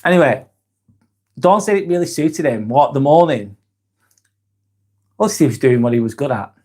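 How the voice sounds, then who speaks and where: A man's voice: medium pitch, animated, moderate pace, a little mellow. A man hosting a live vlog, chatting casually and reading out viewer comments, frank and blunt with plenty of swearing.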